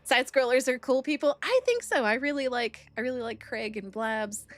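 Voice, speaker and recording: A young woman streamer chatting casually with her viewers, bubbly and excitable, openly nervous and thrilled. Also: normal speed. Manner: bubbly, excitable, swings high on greetings. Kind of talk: casual live-stream chat, greeting chat.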